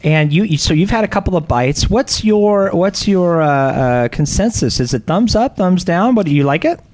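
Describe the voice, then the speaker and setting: A man's voice: high-pitched, expressive, normal speed, a little mellow. A man hosting a community radio show, chatty and joking, often restarting his sentences. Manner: chatty, jokey, stumbles and restarts. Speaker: radio host. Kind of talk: casual on-air chat.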